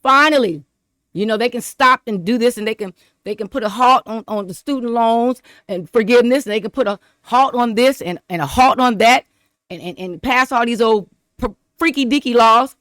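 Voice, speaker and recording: A woman talks straight to camera in a loose, rambling commentary vlog. Her voice sits a bit high, and she circles back over the same phrases and laughs along the way. The sound is dry and close, with no room echo. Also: moderate pace. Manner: rambling and animated, repeats herself, laughs often. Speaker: vlogger. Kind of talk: casual political commentary vlog.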